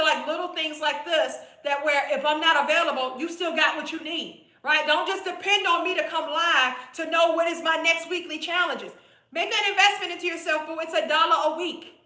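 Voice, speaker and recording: A woman's voice: sits high, pushed and bright. A woman weight-loss coach talking straight to her viewers in a blunt, chatty way on a live stream. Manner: direct, chatty, repetitive, calls viewers "boo". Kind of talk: casual live-stream sales pitch. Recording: roomy echo.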